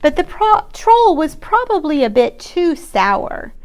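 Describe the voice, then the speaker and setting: A middle-aged children's librarian reads a picture book aloud at an unhurried pace. Her voice sits fairly high, and she gently points out what is happening in the pictures for young listeners. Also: sing-song.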